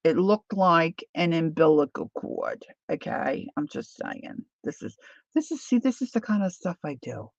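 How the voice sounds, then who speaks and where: A woman's voice: sits low, sing-song, moderate pace, vocal fry, no room sound. A woman hosting a live crafting stream, rambling and poking fun at herself while she greets viewers by name. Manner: rambling, self-deprecating, chats with viewers by name. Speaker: craft livestream host. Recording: dull lo-fi sound.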